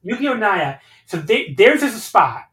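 Man, podcast host, casual chat, slightly high voice, swears a lot, echoey room, distant from mic. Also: unhurried. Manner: animated, swears freely, rambling recaps. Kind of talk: casual chat, match review.

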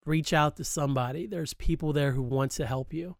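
A man's voice: on the high side, brisk, creaky, no room sound, clean studio sound. A man hosting a podcast, talking candidly and emphatically in a personal monologue, swearing freely. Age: adult, grew up past high school. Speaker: podcast host.

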